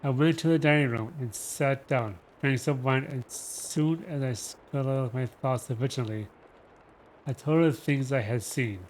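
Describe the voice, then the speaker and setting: Dude reading a classic book out loud on stream, dramatic, leans on words, mid-pitched. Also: male voice, slight background noise. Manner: dramatic, slow with shifting emphasis. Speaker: reader. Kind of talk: reading a novel aloud on a livestream.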